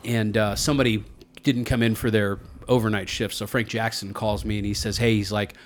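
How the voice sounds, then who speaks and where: A man on a radio show, telling long stories in a relaxed, rambling way and laughing often. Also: fairly low pitch, brisk, a little hiss or hum. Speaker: radio host. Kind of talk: casual chat.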